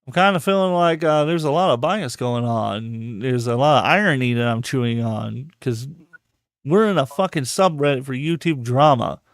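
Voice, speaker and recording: Male podcast host, heated profane rambling delivery, crisp tone, dry sound. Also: mid-range voice, moderate pace, no room sound. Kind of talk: casual live podcast chat.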